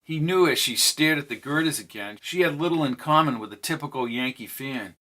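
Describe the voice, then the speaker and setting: A man giving a steady, descriptive audiobook narration. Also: medium pitch, brisk, few pauses. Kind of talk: scripted narration.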